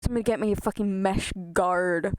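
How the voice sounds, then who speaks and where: A woman's voice: medium pitch, fairly quick, a little mellow, no room sound. A woman streaming a video game, talking casually and exasperated, swearing often into a close mic that picks up her breathing. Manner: exasperated, swearing, self-mocking. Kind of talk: casual gaming stream chat. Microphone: close headset mic near her face.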